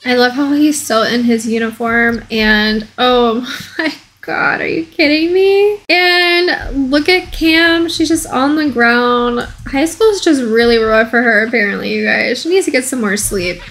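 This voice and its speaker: A woman's voice: fairly high pitch, a little slow, a bit bright, rough recording. A woman hosting a casual let's play video, commentating in a bubbly, gushing way.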